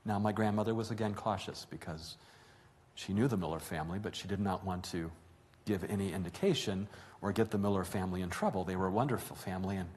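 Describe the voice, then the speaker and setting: A man's voice: deep voice, steady tone, fast, a little mellow, in a large hall. Man telling a story conversationally. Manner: conversational, with fillers and self-corrections. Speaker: storyteller speaking to an audience. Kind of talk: oral family storytelling.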